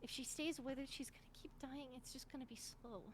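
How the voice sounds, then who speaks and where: A woman's voice: high voice, fairly even intonation, a little fast, background noise. A woman improvising a healer in a roleplay, anxious and apologetic, stammering and repeating herself. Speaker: roleplay streamer playing a healer.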